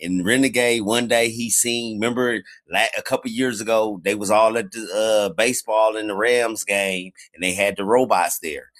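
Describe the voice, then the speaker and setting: A man's voice: lowish voice, moderate pace, hardly any pauses, fairly bright tone. A man in a casual livestream chat who tells stories loosely, jokes around and swears freely. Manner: joking, profane, loose storytelling. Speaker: livestream participant.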